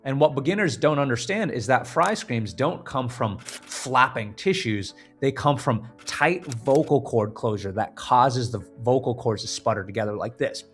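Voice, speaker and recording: A man with a slightly husky voice coaching beginners through scream technique, his pitch moving up and down as he explains. He lays out each point plainly in a lesson over faint music in the background. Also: expressive, moderate pace, hardly any pauses. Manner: explains clearly, breaks into short scream demonstrations. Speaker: vocal coach. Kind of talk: instructional video lesson.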